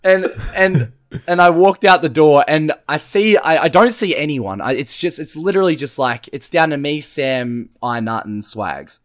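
A young man with a fairly high voice tells a chaotic party story among friends. He rambles and swears freely. He speaks in a casual, animated chat tone. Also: normal speed. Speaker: podcast co-host telling a story.

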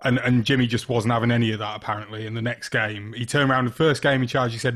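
A man's voice: medium pitch, fairly even intonation, quick pace, a bit bright. A man hosting a podcast, asking casual questions and sharing anecdotes, searching for words as he talks. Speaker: podcast host.

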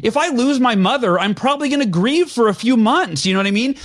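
As a podcast guest, a fast-talking man with a high, light voice recounts a story from his own past. He speaks energetically, acting out what he said to himself and jumping from calm narration to sudden animated bursts.

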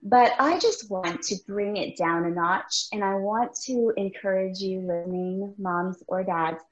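An earnest woman in her thirties talks in a casual, encouraging way, telling a story with animated warmth of feeling. Her voice is mid-pitched and sounds roomy, with a slightly dull, muffled recording. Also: unhurried. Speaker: podcast co-host. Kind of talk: casual conversational talk.

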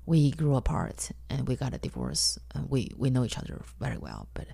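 A woman from China, whose first language is Mandarin, tells her own story bluntly and haltingly, acting out the people she quotes. Her voice is low, gravelly and mellow, set close and dry with no room sound. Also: big pitch swings, no echo. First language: Mandarin Chinese. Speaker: guest comedian. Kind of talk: candid personal storytelling.

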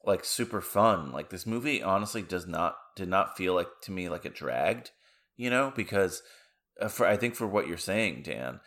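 A man's voice: sits low, animated, normal speed, a bit bright. A man chatting about a film in a casual podcast, laid-back and enthusiastic.

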